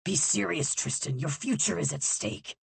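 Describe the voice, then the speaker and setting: A man's voice: fairly high pitch, moderate pace, vocal fry, breathy edge, dry recording, full character voice. A woman voicing a worried older father, a nobleman who pleads earnestly. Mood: pleading.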